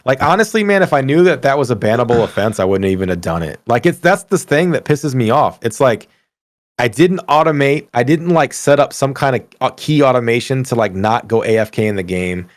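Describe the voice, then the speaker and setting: A middle-aged man co-hosting a casual gaming podcast, ranting in an animated way and swearing freely. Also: mid-range voice, a little fast, no echo. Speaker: podcast co-host.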